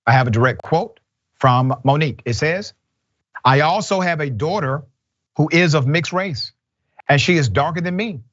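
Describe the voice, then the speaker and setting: A man's voice: fairly high pitch, animated, moderate pace, a bit bright, dull audio. A man hosting a talk show, reading out quotes and speaking directly and emphatically to the person involved. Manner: direct, emphatic, addresses people head-on. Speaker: host.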